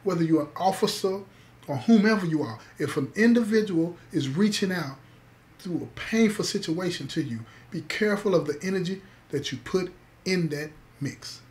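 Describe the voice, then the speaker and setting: A man's voice: high voice, expressive, normal speed, darkish tone. A man telling a story to listeners, emphatic, repeating key words and calling them "y'all". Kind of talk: spoken storytelling to an audience.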